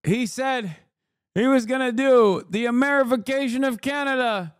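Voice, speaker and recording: A man doing a smug, triumphant politician, squeaked out well above his normal range. The tone is mocking and gloating. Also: normal speed, smooth, no echo, studio quality.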